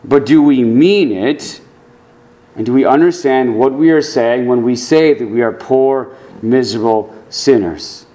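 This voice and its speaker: A male pastor preaching a sermon, earnest, dropping to quiet low asides and rising to emphatic lines. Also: unhurried.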